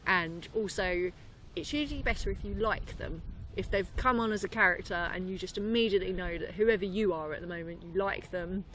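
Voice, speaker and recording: A woman improviser talks casually as a podcast guest, laughing often and filling pauses with ums and likes. Her voice sits at an ordinary pitch. A faint hiss of background noise runs under the recording. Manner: lively, laughing, chatty with many fillers. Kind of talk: casual interview chat. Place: London.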